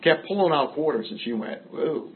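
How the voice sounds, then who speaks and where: A man's voice: mid-range voice, fairly quick, phone-quality sound, slight background noise. An older man from Massachusetts telling a personal recovery story to a group with wry, self-mocking humor. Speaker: recovery speaker.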